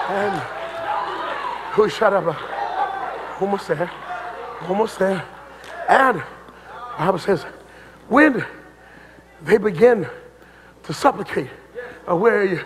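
A man preaching a fiery sermon in a church, chanting and shouting at the peaks and dropping low in between. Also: lively intonation, slow pace, long pauses, slightly rough, in a large hall. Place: church sanctuary.

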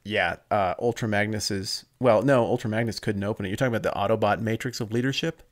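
A man's voice: fairly low pitch, fast. Dry, teasing male co-host. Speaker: podcast co-host. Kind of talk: casual chat.

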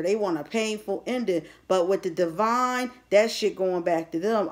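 A woman's voice: medium pitch, a little mellow. A woman reading tarot in a casual monologue, blunt and profane. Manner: blunt and profane, heavy slang. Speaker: tarot reader.

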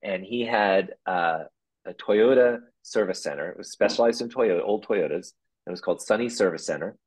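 A man's voice: low-pitched, moderate pace, darkish tone, breathy edge. A man talking as a guest in a casual interview, reflective and rambling, with lots of restarts. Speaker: guest puppeteer.

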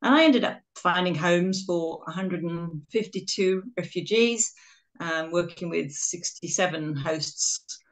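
A middle-aged woman from England gives a webinar talk over a video call, her voice on the low side for a woman. She tells stories in a chatty, self-deprecating way. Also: a little slow. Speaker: guest speaker.

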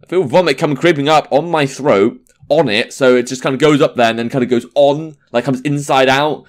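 A man's voice: mid-range voice, brisk. A young man giving casual, sarcastic let's-play commentary, swearing and talking back to the game. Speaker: gaming commentator.

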